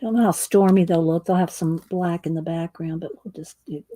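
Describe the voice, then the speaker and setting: Low-pitched, brisk and dark in tone, this middle-aged woman streams casual art content from the craft room in her home. She chats away with her viewers as she works.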